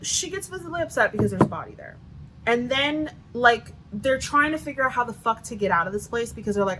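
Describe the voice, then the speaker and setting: A woman's voice: fairly high pitch, lively intonation, quick pace, a bit bright, a little hiss or hum, rough recording. A woman with a Southern US accent giving a sarcastic, profanity-filled book review rant with lots of "like" fillers. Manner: sarcastic, swears a lot, many "like" fillers.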